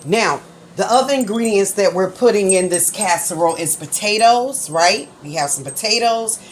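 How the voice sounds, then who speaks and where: Hosting her own cooking channel, a woman casually explains a recipe in her home kitchen, often checking in with "right?" and "okay?" She laughs easily and sometimes talks fast. Her voice is medium in pitch, with a little hiss or hum behind it.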